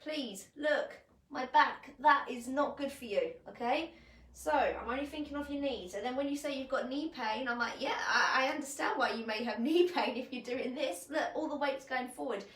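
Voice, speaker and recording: A woman's voice: high voice, moderate pace, fairly bright tone. A woman fitness coach, leading a live online workout at home in a chatty, upbeat way and laughing often. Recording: echoey room.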